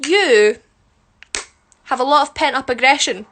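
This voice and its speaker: A young woman chatting casually on a phone livestream at home, reading out comments, dropping into murmured asides between lively bursts and lots of ums. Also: a little high, normal speed. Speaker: musical theatre performer on a live stream. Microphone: phone camera close up.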